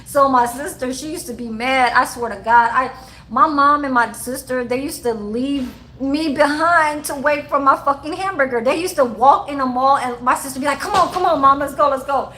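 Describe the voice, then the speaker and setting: A woman's voice: high-pitched, normal speed, sharp tone, a little hiss or hum, poor audio. A woman in her forties chatting casually on a livestream, telling childhood stories with lots of cursing and laughter and talking to her chat. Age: 40s. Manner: profane, laughing storyteller who talks to her chat. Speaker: livestream host.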